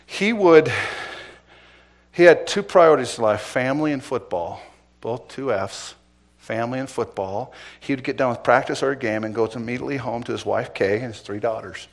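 A middle-aged man preaching as pastor, asking the congregation pointed questions and swinging between loud emphasis and quiet asides. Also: medium pitch, fairly quick, vocal fry. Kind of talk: sermon.

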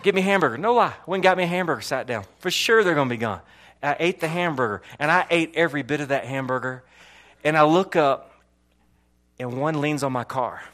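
A male pastor from Florida preaching a sermon and telling a personal story in an animated way, often repeating words and swinging from loud to hushed. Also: a little high, fairly quick.

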